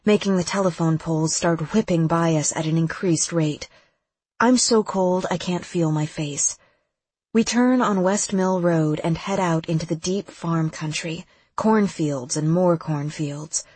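A woman's voice: lowish voice, a little slow, a little mellow, slightly rough, dry recording. A woman narrating a first-person audiobook with urgent, vivid storytelling.

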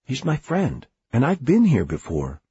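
A man's voice: mid-range voice, wildly swooping pitch, warm tone, breathy edge, no room sound, voice pushed up, exaggerated voice. A man voicing an earnest, loyal young boy in a storybook. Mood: reassuring. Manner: reassuring, then quick and defensive. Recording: dull lo-fi dry recording.

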